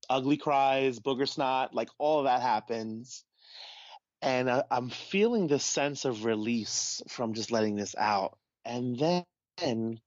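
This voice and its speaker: A man's voice: medium pitch, dry recording. A man, a podcast guest, telling a personal story in a casual way and acting out the voices of the people he quotes. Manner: animated, acts out quoted voices. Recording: dull, dry podcast audio.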